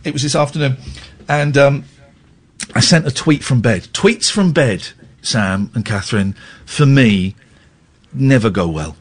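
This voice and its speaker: A middle-aged radio phone-in host tells a frank, meandering story poking fun at himself, stumbling into stammered restarts along the way. He speaks unhurriedly, in an animated, medium-pitched voice that's slightly rough.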